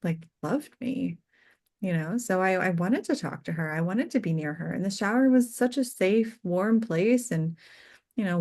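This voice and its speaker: Earnest woman, soft heartfelt storytelling. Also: fairly low pitch. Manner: earnest and heartfelt, peppered with "like" fillers. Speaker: death doula, podcast guest. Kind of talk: casual interview storytelling.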